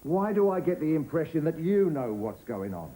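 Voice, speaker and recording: A man's voice: fairly high pitch, sing-song, normal speed, mellow, roomy sound, poor audio. A middle-aged man playing a stern, probing father and boss in a sitcom. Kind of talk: sitcom acting.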